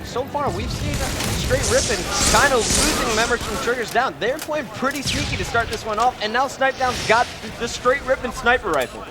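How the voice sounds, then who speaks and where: A man calling live video game action as a play-by-play commentator, with rapid, excited calls. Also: very high-pitched, over loud music.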